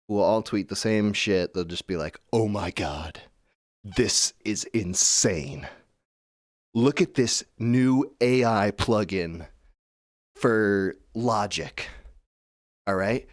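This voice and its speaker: A man's voice: fairly low pitch, no room sound, clean studio sound. A man hosting a call-in show, ranting in a cynical, profane, rambling way. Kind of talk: casual rant.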